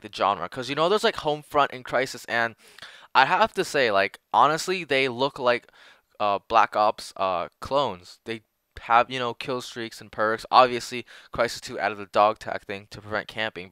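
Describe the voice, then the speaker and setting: A man's voice: mid-range voice, pushed and bright, smooth, dry recording. A young man giving casual commentary over gameplay, rambling with many filler words and restarts. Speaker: gaming commentator.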